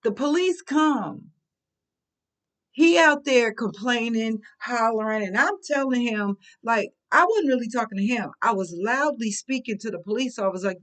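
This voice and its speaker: A middle-aged woman recounts a personal story in a vlog. Her delivery is animated and emphatic, full of colloquial asides. She speaks straight to her viewers. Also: a little high, moderate pace. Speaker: vlogger.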